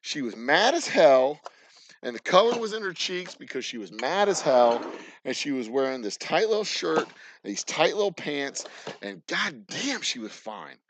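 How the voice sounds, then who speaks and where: A man's voice: fairly high pitch, very animated, normal speed. A man in his forties, a distillery owner, telling personal stories in a rambling, profane, joking way. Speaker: distillery owner and channel host. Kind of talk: casual storytelling. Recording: noisy background with clicks.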